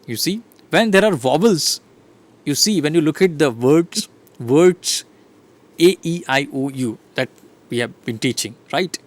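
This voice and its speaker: Hesitant Indian English lecturer. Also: male voice, fairly high pitch, expressive, a little slow. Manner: hesitant, many fillers and restarts. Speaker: teacher educator. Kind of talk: online lecture.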